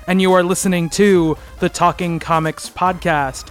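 A man's voice: high-pitched, steady tone, brisk, hardly any pauses. A man hosting a comics podcast, opening the show and chatting with an upbeat, jokey manner. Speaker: podcast host. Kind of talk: casual chat.

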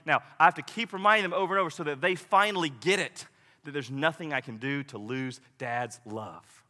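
A male pastor preaching a sermon in a lively, conversational way, acting out quoted voices along the way. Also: on the high side, fairly quick, long reverb tail.

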